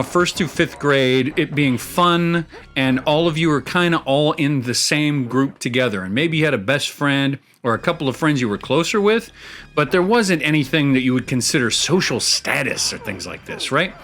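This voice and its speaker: A man's voice: fairly high pitch, lively intonation, normal speed, fairly bright tone. A man hosting a casual show, chatting and rambling through fillers and small chuckles as he plays a video game. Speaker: host. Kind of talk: casual chat while playing a video game.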